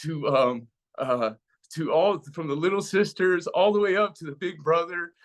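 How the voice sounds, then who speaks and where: Speaking at a normal speed in a fairly high voice, this man from the USA shares an emotional personal story as a guest speaker. He tells it animatedly, vividly performing the voices of the people involved.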